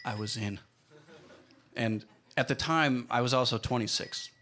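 A man's voice: medium pitch, measured pace, bright, forceful tone. A man narrating a personal story at a live storytelling show, in a wry, self-deprecating way.

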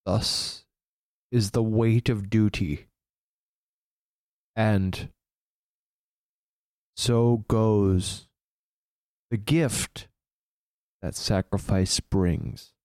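A man's voice: on the low side, fairly even intonation, very slow, long pauses, a little mellow, no room sound. A man voicing a stern, steadfast male knight in armor who speaks in grave, declamatory lines. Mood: solemn.

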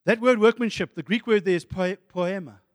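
High-voiced, excitable male preacher. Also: a little fast, dry recording, studio quality, in a large hall. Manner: animated, excitable preaching with sudden soft asides. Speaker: pastor. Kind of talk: sermon.

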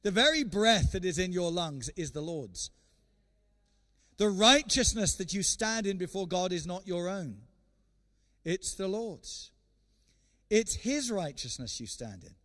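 An evangelist from England, appearing as a guest speaker, preaches a sermon built around an animated story, often repeating words. His voice sits high.

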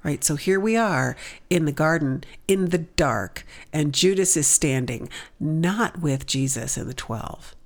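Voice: medium pitch, animated, unhurried. A speaker teaching through a Bible passage in conversation, emphatic and dramatic when quoting scripture.

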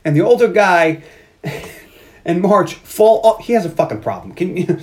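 A podcast co-host recapping a film in casual chat, animated and swearing freely. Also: mid-range voice, unhurried.

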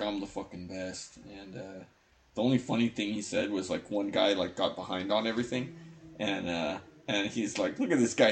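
A man co-hosting a podcast in loose, profane casual chat, full of "like" and quick impressions of people. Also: on the low side. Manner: loose and profane, lots of likes, mimics people. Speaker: podcast co-host.

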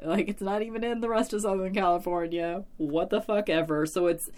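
A woman's voice: medium pitch, fairly quick. A woman giving an opinionated, casual recap of a TV episode, swearing freely and scattering fillers as she talks. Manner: opinionated, animated, swears and laughs, many fillers. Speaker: TV episode reviewer.

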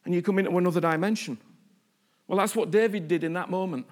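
A man's voice: high voice, fast. A man preaching a passionate sermon, often acting out the voices of the people he quotes.

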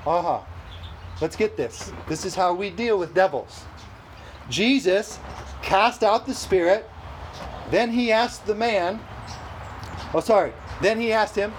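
A male pastor preaching a sermon at a church service, animated and exclamatory, often laughing. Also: sits high, unhurried, a little hiss or hum, rough recording.

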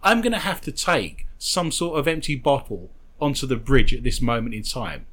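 Lively joking male podcast host. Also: medium pitch, normal speed. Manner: jokey, riffing on absurd details. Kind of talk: comedic podcast chat, reading news stories.

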